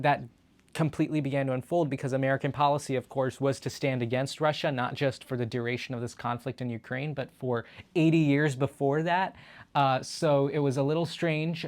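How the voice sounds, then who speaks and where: A man hosting his own show, giving casual political news commentary in a conversational way with frequent fillers and restarts. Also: medium pitch. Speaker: show host.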